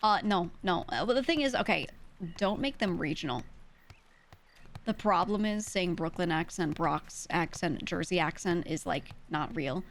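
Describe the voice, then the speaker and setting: A woman's voice: on the low side, moderate pace, a little hiss or hum. A young woman, explaining in casual chat, emphatic and full of filler words. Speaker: streamer.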